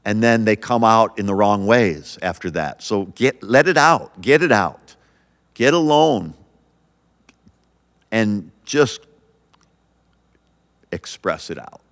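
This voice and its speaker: Low-voiced man preaching in a reverberant room. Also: expressive, takes it slowly, pauses often, a bit bright. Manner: earnest, encouraging, with frequent restarts. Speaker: pastor and podcast host. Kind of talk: podcast sermon.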